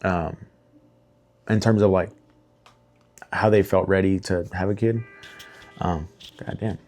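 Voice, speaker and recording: A man's voice: sits low, steady tone, slow pace, a little mellow. A young man casually telling his own story to camera, rambling with lots of fillers, restarts and swearing, candid and emotional. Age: young adult. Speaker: vlogger.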